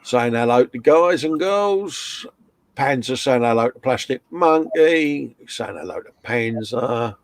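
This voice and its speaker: Host, man, casual live-stream chatter, mid-pitched, dry close sound. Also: expressive, slow pace, no echo. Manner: chatty, reads chat messages aloud, laughs often. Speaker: host reading out live chat.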